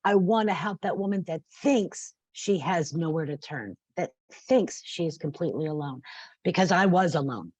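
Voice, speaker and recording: Woman, 50s, podcast guest, husky lower voice, emphatic and passionate. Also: lively intonation, normal speed, a little mellow, dry recording. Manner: passionate, emphatic, laughs and turns tearful. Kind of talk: podcast interview.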